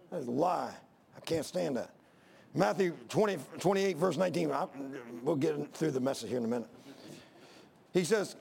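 An older pastor preaches in a high, gravelly voice. He is folksy and emphatic, circling back to the same point again and again. The voice carries in a church during a sermon. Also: expressive, fairly quick, a little mellow.

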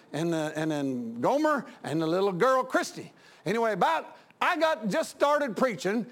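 A male pastor, preaching in a folksy style with anecdotes, swinging between loud outbursts and quiet asides. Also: high-pitched.

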